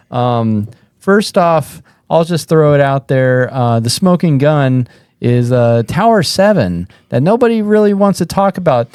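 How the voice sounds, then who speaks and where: A man's voice: on the high side, expressive, measured pace, darkish tone, clear, resonant tone, no room sound, studio quality. A man in his thirties co-hosting a podcast, rambling with laughs and fillers in casual chat. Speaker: podcast co-host.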